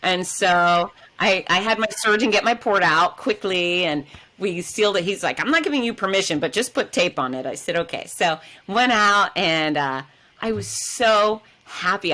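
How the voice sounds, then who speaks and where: A middle-aged woman, a podcast guest and fitness expert, telling an energetic, expressive story. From lives in Florida. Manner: energetic, expressive, dramatizes quotes with big pitch jumps. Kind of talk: animated storytelling in conversation.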